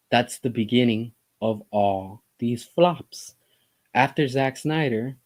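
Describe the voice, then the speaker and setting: A man's voice: medium pitch, a little mellow. A man giving an opinionated commentary monologue as a vlogger, talking in an impassioned, emphatic way full of rhetorical questions.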